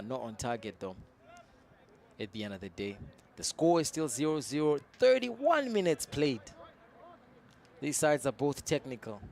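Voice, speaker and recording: A man's voice: medium pitch, slight background noise. Chatty man calling a soccer match. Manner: chatty, opinionated, bursts into excited shouts on attacks. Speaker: match commentator. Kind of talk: live amateur soccer play-by-play. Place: outdoors at a soccer field.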